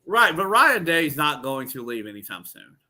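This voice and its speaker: A man's voice: fairly high pitch, sing-song, normal speed, bright, forceful tone. A man co-hosting a casual college football picks chat, playful and teasing. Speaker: sports show co-host.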